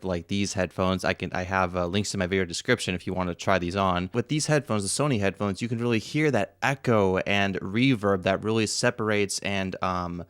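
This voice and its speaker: Male reaction host, smooth low voice, enthusiastic mix-nerd commentary. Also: no echo, clean studio sound. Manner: enthusiastic, breaks down the audio production with plenty of fillers. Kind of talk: casual music reaction commentary. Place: seated indoors at home setup. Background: faint song playing.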